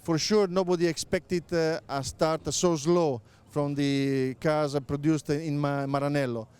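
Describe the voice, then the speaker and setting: A middle-aged man with an Italian accent, a native Italian speaker answering interview questions as a motorsport pundit, pausing often on filler sounds and restarting his phrases. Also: on the high side, steady tone, a little mellow, clean tone. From Italy. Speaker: motorsport pundit, former racing driver.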